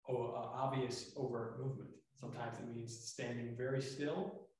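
A man coaching tai chi talks through each move as he demonstrates it, calm and explanatory, with plenty of "um" and "like". His voice sits at a middle pitch. He sounds distant from the mic, in a strongly echoing room. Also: normal speed. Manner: talks while moving through the exercise, relaxed and explanatory, with many fillers. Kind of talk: instructional demonstration. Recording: echoey room, mic far off.

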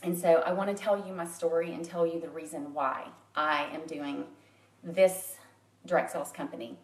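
A woman's voice: sits low, steady tone, moderate pace, distant mic. Chatty woman in her forties, roomy sound. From Louisiana, USA. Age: 40s. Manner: chatty, open and personal, laughs at herself. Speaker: makeup artist and direct sales consultant. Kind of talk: candid live video chat to a private group.

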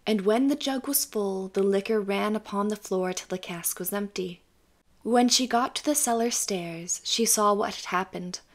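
A woman narrating a fairy tale audiobook in a calm, even storytelling manner. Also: mid-range voice, normal speed. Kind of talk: scripted bedtime story narration.

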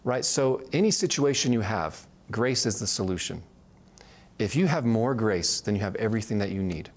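A man's voice: fairly low pitch, expressive, normal speed. A man teaching a casual Bible study, talking conversationally and often checking in with "right?". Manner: conversational, frequent "right?" check-ins, restarts.

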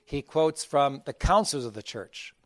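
A man's voice: medium pitch, lively intonation, a little slow, no room sound. A man, a bishop giving a conference sermon, who talks with emphasis, asks rhetorical questions and acts out the voices he quotes.

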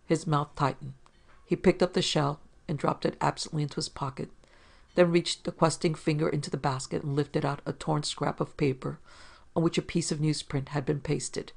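A man narrating a hard-boiled detective story in a steady, measured reading. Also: fairly high pitch, creaky.

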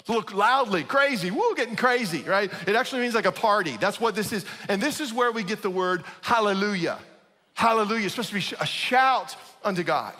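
High, bright-voiced man preaching. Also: fairly quick, in a large hall. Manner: conversational, emphatic, asks "right?". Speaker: pastor. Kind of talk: sermon.

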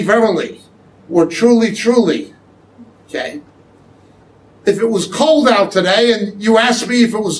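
A man giving sermon-style Bible teaching, explaining slowly and often checking with "okay?". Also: high voice, fairly bright tone, recorded from a distance, low-quality recording. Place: church hall.

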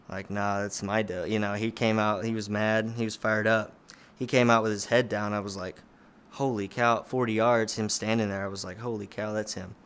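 A man's voice: fairly low pitch, a bit bright, slight background noise. A young man, telling a hunting story in a casual, rambling way full of "you know" and "like.". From Oklahoma. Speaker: hunter guest.

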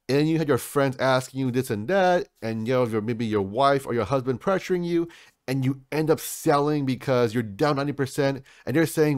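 A man's voice: mid-range voice, normal speed, a little mellow. A man talks through a crypto market update in a hyped, salesy way, calling his audience folks. His voice sits in a middle register and comes through a close mic in a dry room with no echo. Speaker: crypto channel host.

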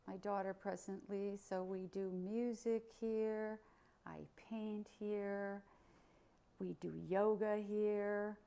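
A middle-aged woman painter giving a relaxed, casual tour of her studio, explaining how she works. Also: mid-range voice.

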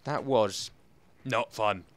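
A man doing excitable, self-mocking commentary over a video game and talking straight to his viewers. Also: on the low side, slow pace, a little hiss or hum. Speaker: gameplay commentator. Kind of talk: let's play commentary.

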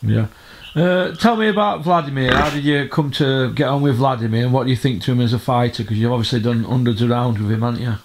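A man hosting a relaxed interview, mostly offering brief prompts and questions. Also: mid-range voice, fast, slight background noise. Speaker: interview host. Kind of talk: casual interview.

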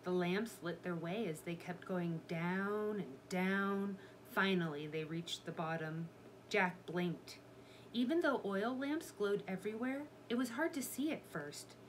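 A woman reading a children's chapter book aloud in a steady storytelling manner. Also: medium pitch, a little slow, a little hiss or hum. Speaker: reader.

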